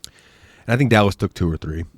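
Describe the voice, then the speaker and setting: Young male podcast co-host, lively storyteller who laughs a lot, dry voice. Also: on the low side, normal speed, husky, no room sound. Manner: laughing, animated storyteller who mimics friends. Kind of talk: casual chat, storytelling.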